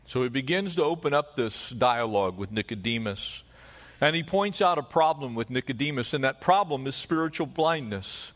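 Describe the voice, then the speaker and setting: A man pastor preaching a sermon, moving from emphatic rises to hushed, low drops. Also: expressive, normal speed.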